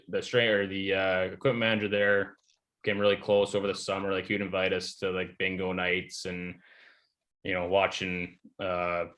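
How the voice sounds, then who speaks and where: Low-voiced young man, laid-back guest. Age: young adult. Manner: relaxed, rambling, many fillers and trailing restarts. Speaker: podcast guest, pro hockey player. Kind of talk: casual chat.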